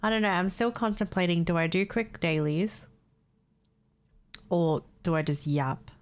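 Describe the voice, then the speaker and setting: A woman's voice: fairly low pitch, measured pace. Stuffy-nosed young woman chatting on stream. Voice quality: nasal, congested. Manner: chatty, swears casually, laughs often. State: stuffed-up nose from a cold. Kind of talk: casual chat with viewers.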